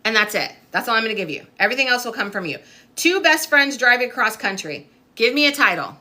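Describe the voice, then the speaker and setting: Bright, chatty woman teaching live. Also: a little high, animated, fast talker. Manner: chatty, upbeat, reads out chat comments. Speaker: TV production instructor. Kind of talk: casual livestream class. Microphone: phone or webcam on livestream.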